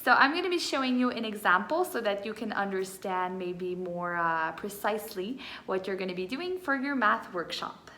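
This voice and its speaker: A woman's voice: medium pitch, lively intonation, normal speed, few pauses, pushed and bright. A woman teacher, patiently explaining a math lesson for young children, with many fillers. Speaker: first grade teacher. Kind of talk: recorded classroom lesson for children. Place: home room with whiteboard. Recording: echoey room.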